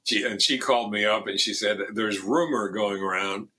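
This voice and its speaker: A man's voice: fairly low pitch, moderate pace, sharp tone, breathy edge. An older man, a former foundation president, telling a story in an interview, quoting others with a raised voice and often restarting his sentences. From Miami.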